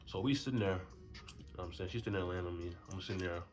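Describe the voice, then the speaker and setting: A young man tells a story in a casual storytime vlog, animated and slangy. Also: fast, faint music behind. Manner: animated, swings to high voices for quotes. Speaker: storyteller vlogger.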